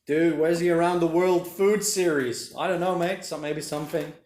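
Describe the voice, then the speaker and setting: A man's voice: a little high, steady tone, moderate pace, a little mellow. Chatty man in echoey room. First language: Portuguese. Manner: rambling, chatty, reads viewer comments aloud. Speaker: livestream host reading chat. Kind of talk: casual livestream chat. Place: home room during lockdown.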